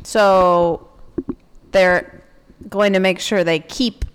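A woman co-hosting a podcast, answering with deadpan, sarcastic quips. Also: medium pitch, drawn-out words, long reverb tail, noisy background. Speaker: podcast co-host. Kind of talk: casual chat.

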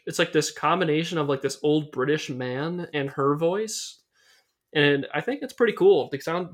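A young man casually recapping a horror film on a podcast, rambling and swearing, with lots of fillers. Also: medium pitch. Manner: loose and rambling, swears a lot, many fillers. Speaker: podcast host. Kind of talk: casual movie recap chat.

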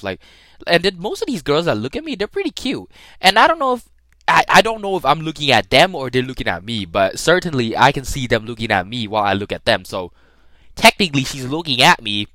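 A young man tells a story alone into a close mic for his podcast. His talk is loose and slangy, full of restarts, and his pitch swoops up and down a lot. The sound is dry, with no room around it. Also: pushed and bright, dry recording. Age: young adult. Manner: rambling, slangy, with frequent restarts and laughs. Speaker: podcast host. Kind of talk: casual solo storytelling.

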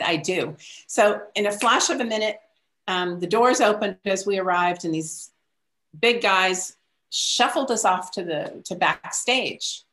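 A woman's voice: fairly low pitch, a bit bright. An older woman telling a personal story in a casual, chatty way, often laughing and lifting her voice to quote others.

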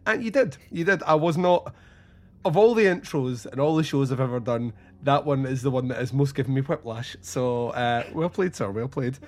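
A man's voice: mid-range voice, normal speed, darkish tone. A man hosting a podcast, chatting in an enthusiastic, easygoing way. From Scotland. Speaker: podcast host. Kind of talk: casual chat.

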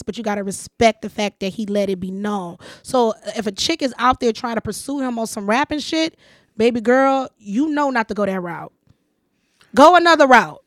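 A woman's voice: fairly high pitch, no echo, studio quality. A woman hosting a casual conversation, talking emphatically and repeating phrases for stress. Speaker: podcast host.

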